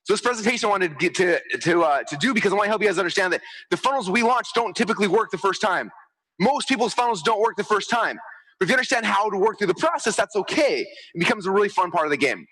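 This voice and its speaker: A man giving an energetic stage presentation to a live crowd, talking fast and acting out what people say. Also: sits high, slightly rough, poor audio. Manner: fast, excitable, acts out quotes. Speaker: speaker on stage. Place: large event stage.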